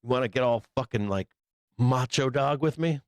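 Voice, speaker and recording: Brief: male livestream host, excitable and profane, mid-pitched, dry close mic. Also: normal speed, no echo. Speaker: livestream trading show host. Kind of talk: casual livestream chat.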